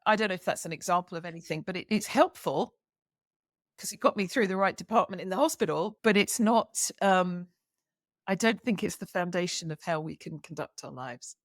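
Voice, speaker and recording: A woman's voice: lowish voice, fairly quick, no echo, clean studio sound. A woman, a yoga therapist, chatting casually and acting out the people in her stories. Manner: animated storyteller, acts out quoted dialogue. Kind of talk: casual conversation.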